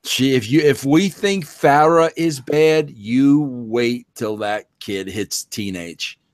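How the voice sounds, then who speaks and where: A man's voice: mid-range voice, slow pace, no room sound. A man hosting a casual gossip chat, asking emphatic, incredulous questions. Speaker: podcast host.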